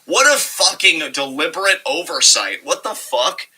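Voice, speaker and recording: Excitable, profane man reviewing wrestling. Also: on the high side, measured pace, husky, poor audio. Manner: excitable, profane, laughs a lot. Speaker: podcast co-host. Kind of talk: casual wrestling review chat.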